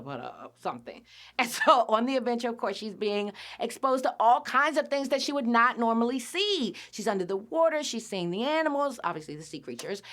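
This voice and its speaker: Female podcast host, mid-pitched and animated, chatty recap with acted-out lines. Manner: animated storyteller, acts out characters' lines, laughs often. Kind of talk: casual show recap.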